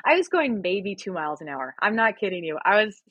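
Guest woman, thirties, husky and dry, animated and laughing as she tells stories. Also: mid-range voice, fairly quick, no echo, lo-fi sound. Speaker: guest, singer and actress. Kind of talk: storytelling in a casual interview.

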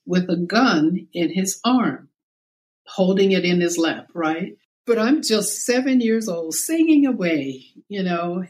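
An older woman from the American South, a guest in an interview, telling a personal childhood story slowly and reflectively. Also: on the low side. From South Carolina, US. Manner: slow, reflective storytelling with quoted voices.

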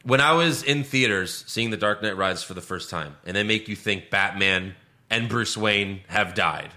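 A man in casual movie-review chat, ranting with swearing, his voice jumping high when he gets outraged. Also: normal speed, sharp tone. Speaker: podcast co-host.

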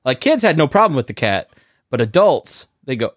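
A man co-hosting a podcast, telling animated, funny anecdotes with frequent laughter. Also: medium pitch, normal speed, dry recording, clean studio sound. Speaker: podcast co-host. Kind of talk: casual comedic chat.

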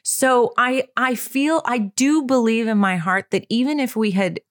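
A woman chatting as a parent guest, telling family stories with lively animation. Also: fairly high pitch, measured pace, no echo, studio quality. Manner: animated storyteller who acts out quotes. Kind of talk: casual chat.

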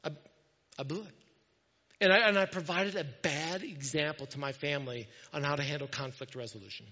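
Man, pastor, sermon storytelling, animated, bright voice, dull lo-fi sound. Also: on the high side, fairly quick, in a large hall. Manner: animated, self-mocking, acts out quotes.

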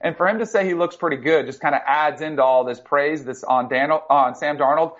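Brief: ex-football player co-host, male, a bit high-voiced, chatty storyteller, dull muffled audio. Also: brisk. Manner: animated storyteller, many fillers. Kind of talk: casual sports talk.

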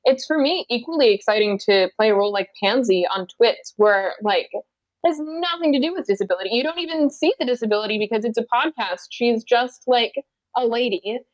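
A woman, an actor guest in a casual interview, talking in a chatty way with restarts and quick laughs. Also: on the high side, no echo, low-quality recording. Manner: chatty, many restarts and likes, laughs easily.

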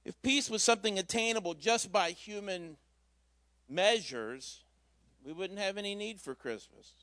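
A man's voice: high-pitched, unhurried, a bit bright, dry recording. A man preaching a Christmas Eve sermon in a church, telling a story in a folksy, conversational way with asides. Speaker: pastor.

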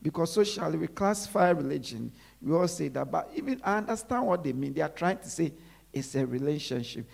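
A preacher delivering a sermon who repeats phrases and drops to low murmurs between emphatic lines. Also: animated, brisk, gravelly, a little mellow.

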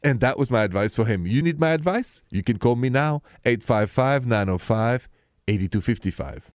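A man's voice: medium pitch, animated, moderate pace, no echo. French-accented male radio host. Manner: chatty, warm greetings, storytelling. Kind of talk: radio advice call-in chat.

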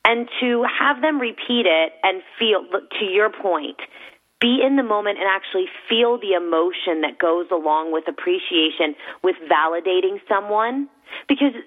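A woman speaks as a guest in a thoughtful, reflective manner. She works her ideas out as she talks. Her voice sits at a middle pitch, and the sound is thin, like a phone line. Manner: thoughtful, reflective, often starts with "I think". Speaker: guest, works with companies and salespeople. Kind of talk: casual conversation.

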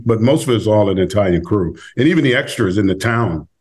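Male director as guest, deep voice, talks quickly and to the point. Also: animated, a little mellow, slightly rough. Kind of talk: interview answers.

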